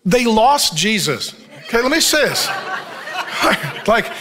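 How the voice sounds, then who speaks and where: A man preaching a sermon as pastor, reading scripture slowly and then talking it over in a joking, conversational way that draws the crowd in with "Amen?". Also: high-pitched, noisy background. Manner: reads scripture at a slow, even pace.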